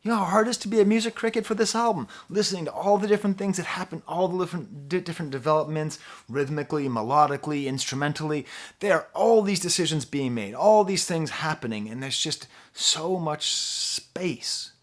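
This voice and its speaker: A man working as a music critic, talking through an album review in an excitable, rambling way that circles back and repeats itself. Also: fairly high pitch, fast talker. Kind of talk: casual album review video.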